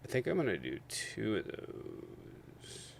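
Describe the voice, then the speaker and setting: A man's voice: fairly low pitch, wildly swooping pitch, slow pace, vocal fry, slight background noise. Angry swearing male streamer. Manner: angry, profane ranting; loud bursts while venting. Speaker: livestream host. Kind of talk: heated political debate stream.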